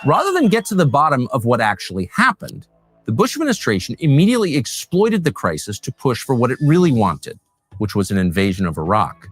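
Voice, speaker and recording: A male narrator with an animated voice and freely moving pitch reads a scripted documentary over faint background music. He delivers it in a measured, pointed way, landing each claim firmly.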